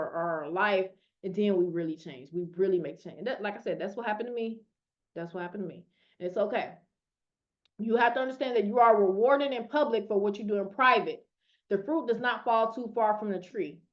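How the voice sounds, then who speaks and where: A woman in her thirties, a network marketing coach giving an emphatic, story-driven motivational talk over a video call. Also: medium pitch. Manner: emphatic storytelling, dialect speech, "y'all". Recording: dull lo-fi audio.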